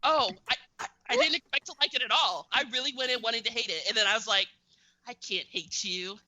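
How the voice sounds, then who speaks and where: A young woman co-hosting a podcast, telling a story in an animated, excitable way in casual chat. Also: fairly high pitch, quick pace, no room sound, low-quality recording. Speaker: podcast co-host.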